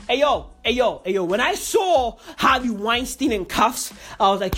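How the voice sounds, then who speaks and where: Husky, excitable woman ranting comedically. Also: moderate pace, hardly any pauses, faint music behind. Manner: excitable and profane, repeats slang catchphrases; sudden pitch jumps for comic emphasis. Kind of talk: comedic slang-heavy rant.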